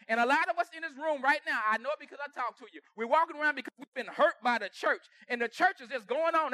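High-voiced pastor preaching with loud bursts. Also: male voice, fast, few pauses, no room sound, studio quality. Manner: conversational preaching with sudden loud bursts and dropped asides. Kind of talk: sermon. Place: church sanctuary.

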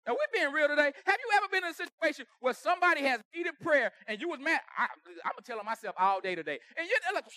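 High-voiced pastor preaching with loud bursts. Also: male voice, big pitch swings, fast, hardly any pauses, dry recording, clean studio sound. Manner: conversational preaching with sudden loud bursts and dropped asides. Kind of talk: sermon. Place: church sanctuary.

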